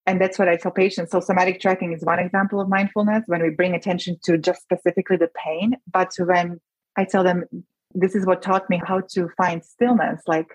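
A woman's voice: fairly low pitch, fairly even intonation, a little fast, no room sound, poor audio. A woman physician, a podcast guest, talking earnestly and with emotion, often restarting her sentences. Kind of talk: podcast interview.

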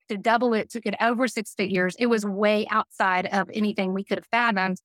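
A middle-aged woman speaks briskly in a mid-range, fairly bright voice with fairly even intonation and almost no pauses, with no room sound. She's a business leader guesting on a podcast, telling a heartfelt personal story with the occasional laugh.

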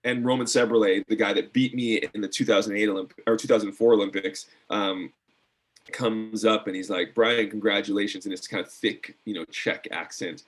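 A man's voice: on the low side, steady tone, normal speed, slightly rough. A middle-aged man, a former athlete, telling a story in a casual interview, earnest and full of fillers and restarts. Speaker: guest, former decathlete.

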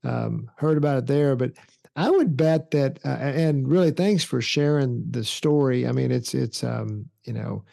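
A man hosting an interview, asking halting questions full of fillers. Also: medium pitch, gravelly, dark tone. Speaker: podcast host.

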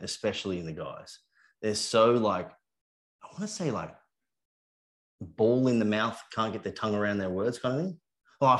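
A man with a New Zealand accent co-hosting a podcast, chatting casually with dry, deadpan humor. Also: fairly low pitch. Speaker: podcast co-host, fitness coach. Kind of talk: casual chat.

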